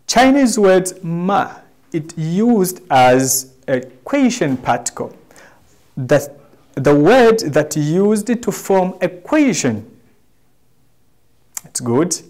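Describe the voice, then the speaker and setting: A male teacher with a Tanzanian accent leads a classroom lesson at a very slow pace. He repeats each word several times for students to say back, his pitch rising and falling a lot. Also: very animated, a little mellow.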